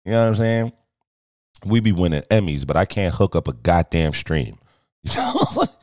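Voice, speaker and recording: A male streamer with a very low, booming voice that leaps all over the place as he rants and jokes. He swears freely, dropping from loud outbursts to low mutters. The recording is dry and close. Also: normal speed, no echo. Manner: animated and profane, swings between shouting and muttering. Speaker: streamer and host. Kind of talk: casual live-stream chat.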